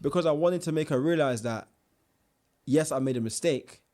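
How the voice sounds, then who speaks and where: Young man, interview guest; lively, slangy storyteller with restarts. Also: fairly high pitch, moderate pace.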